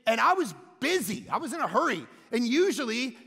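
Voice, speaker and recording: A middle-aged man preaching with a high, bright, gravelly voice that swings between quiet reflection and loud, self-mocking storytelling. His sermon carries a long reverb from a large hall. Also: big pitch swings, fairly quick. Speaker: pastor.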